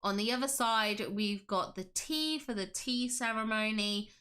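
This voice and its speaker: A woman's voice: on the high side, a little slow, sharp tone. A woman hosting a casual livestream, gushing with enthusiasm and reading chat aloud. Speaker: livestream host.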